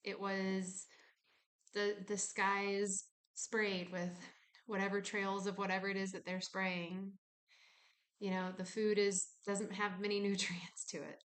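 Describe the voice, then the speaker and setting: A woman's voice: medium pitch, little pitch movement, takes it slowly, a bit bright. A woman in her kitchen at home, talking candidly and reflectively in a personal vlog, acting out her inner dialogue.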